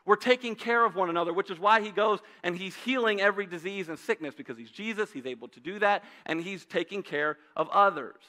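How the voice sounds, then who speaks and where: A man's voice: high voice, a little fast, hardly any pauses, bright, forceful tone. A man in his thirties preaching a sermon as a pastor, talking casually with asides and rhetorical questions. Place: church sanctuary.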